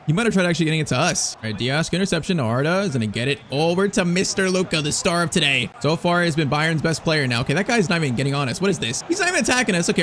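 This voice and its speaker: A young man giving casual, excitable live commentary on his own football video game match, with slang and outbursts at big plays. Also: a little high, slight background noise. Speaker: gaming YouTuber.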